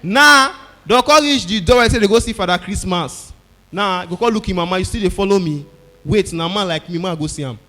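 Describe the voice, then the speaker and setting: A male stand-up comedian with a Nigerian Pidgin accent tells stories loudly and acts out the people in them. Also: sits high, brisk, big-room sound. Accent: Nigerian Pidgin English. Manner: loud animated storytelling, acting out characters.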